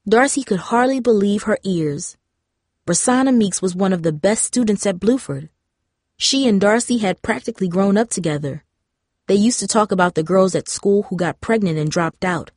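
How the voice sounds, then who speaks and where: A woman reading a story aloud in steady, scripted narration. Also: medium pitch, moderate pace, dry recording, studio quality. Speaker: audiobook narrator.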